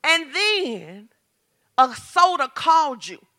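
A woman pastor preaching a lively sermon, asking the congregation questions and building to shouts. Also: sits high, slow. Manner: talks straight to the congregation with questions.

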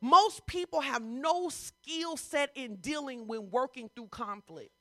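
A woman pastor preaching a sermon in a conversational style, full of rhetorical questions and rising to loud, emphatic bursts. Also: high-pitched, expressive, slow pace, no echo.

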